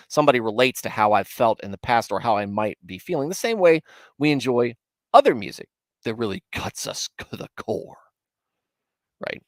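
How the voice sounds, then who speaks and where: A man's voice: mid-range voice, fairly bright tone, no echo. A man hosting a casual livestream, chatting with viewers in a rambling, self-mocking way with mock indignation. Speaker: livestream host.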